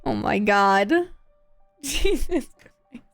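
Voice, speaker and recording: A woman streamer reacting crudely and excitably, swearing freely and breaking into loud shrieks. Her voice is middle-pitched and dry, recorded close, with faint music playing underneath. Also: slow pace, dry recording. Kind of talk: casual reaction commentary.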